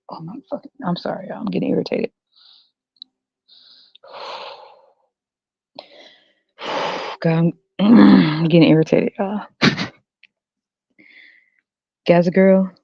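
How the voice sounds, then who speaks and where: A woman's voice: fairly low pitch, creaky, mellow, no echo. A woman hosting a podcast, ranting crudely and profanely to her viewers and breaking into laughter often. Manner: addresses viewers directly. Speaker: podcast host. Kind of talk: solo ranting monologue. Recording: dull dry lo-fi recording.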